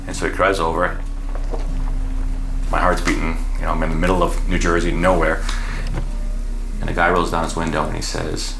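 A man's voice: deep voice, moderate pace, vocal fry, pauses often. A man vividly recounting a tense night drive as an interviewee. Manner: lively, vivid storytelling. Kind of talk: recounting story. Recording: roomy, music behind.

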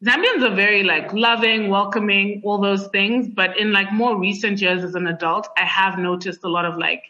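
A young woman from Zimbabwe, a podcast guest talking casually with lots of fillers and an animated, chatty manner. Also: mid-range voice, normal speed. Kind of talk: conversational interview. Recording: dull lo-fi sound.

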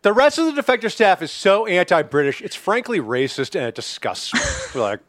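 A hyped male podcast host with a high, wildly swinging voice and loud shouted bursts. He talks close into a dry studio mic. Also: wildly swooping pitch, fairly quick, no echo. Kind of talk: rowdy comedic chat.

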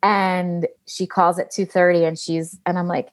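Woman, late thirties, animated, candid, acts out quotes, swears casually. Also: on the low side, a little slow. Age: late 30s. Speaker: guest. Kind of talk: candid personal storytelling.

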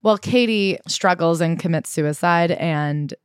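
A woman's voice: lowish voice, unhurried, clean tone, no room sound, clean studio sound. A woman co-hosting a casual book-review chat, recapping the story and dropping wry asides. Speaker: podcast co-host.

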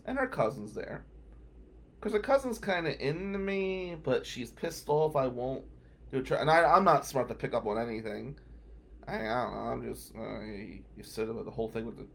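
A man hosting a show, telling a personal story in a casual monologue, animated and swinging from loud outbursts to low mutters. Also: vocal fry, slight background noise.

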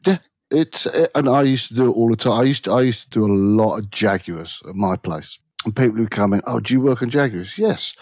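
A man with an English accent, speaking as a podcast guest. His voice is slightly husky and sits on the low side, and he tells shop stories in a relaxed, matter-of-fact way. The recording is dry and close. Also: brisk, dry recording. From England. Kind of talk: casual chat.

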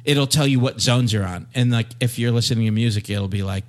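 A man's voice: mid-range voice, a little fast. A man hosting a casual podcast chat, rambling with lots of fillers and joking around. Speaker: podcast host.

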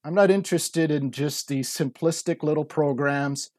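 A man's voice: on the high side, normal speed, darkish tone, no echo, studio quality. A man in his forties telling his story earnestly as a podcast guest, acting out quoted speech. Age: 40s. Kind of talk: casual interview talk.

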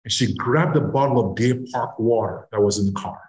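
Speaking a little fast at a medium pitch, a middle-aged Nigerian podcast guest shares a personal story. He's an animated narrator who voices the quoted exchanges himself.

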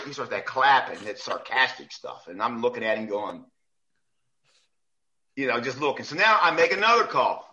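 A man, a basketball referee, telling a story in a casual, animated way and acting out the people he quotes. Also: medium pitch, moderate pace, muffled recording, noisy background. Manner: animated, acts out quoted coaches.

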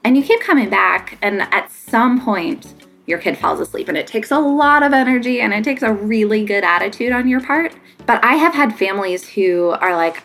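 A woman's voice: on the high side, expressive, normal speed, fairly bright tone, soft background music. A woman giving casual parenting advice on sleep, chatty and full of fillers, sometimes acting out what parents and kids say. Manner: chatty, lots of fillers, acts out quotes. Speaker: child sleep consultant.

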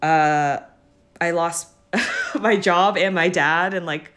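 A young woman co-hosting a podcast, talking casually and haltingly with many fillers, teary and laughing through it. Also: fairly low pitch, a bit bright. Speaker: podcast co-host. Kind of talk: casual chat.

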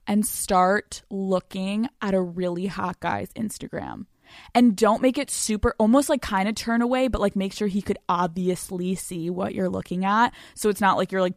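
A woman's voice: medium pitch, creaky, dry recording, studio quality. Blunt, swearing young woman podcast host. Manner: blunt, profane and animated. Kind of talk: casual advice chat.

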